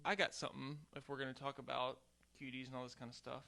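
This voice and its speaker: A man's voice: medium pitch, level tone, quick pace, creaky, bright, forceful tone. A man hosting a podcast from a home garage studio, talking in a loose, rambling way and swearing casually. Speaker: podcast host. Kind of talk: casual chat.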